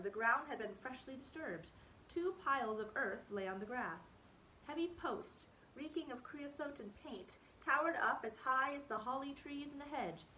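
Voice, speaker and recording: A woman teacher reading a novel aloud to her class in an expressive storytelling manner. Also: mid-range voice, a little hiss or hum, rough recording.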